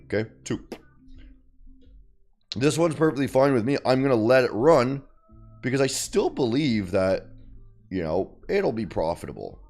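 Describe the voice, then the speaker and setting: A man streaming live and chatting casually about his trades, calling viewers bro and swinging from mumbles to loud bursts. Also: mid-range voice, expressive, moderate pace. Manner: loose and slangy, calls viewers bro and boys. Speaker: trading streamer.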